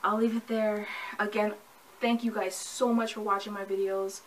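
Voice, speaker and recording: A woman's voice: mid-range voice, little pitch movement, moderate pace, far from the mic, poor audio. A young woman chatting casually to camera in a pregnancy vlog, rambling and laughing at herself, hot and sweaty. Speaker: vlogger. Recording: from the mic with faint ambient noise.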